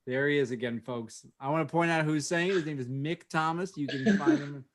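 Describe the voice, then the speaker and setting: A man's voice: on the high side, a little fast, crowd noise. A man in casual podcast banter, blunt and sarcastic, swearing freely. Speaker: podcast co-host. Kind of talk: casual comedic chat.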